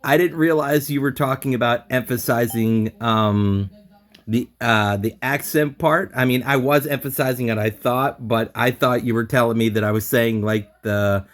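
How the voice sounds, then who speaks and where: A man learning a language in an online lesson. He thinks out loud and repeats words as he practices them. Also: medium pitch, normal speed. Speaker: language student.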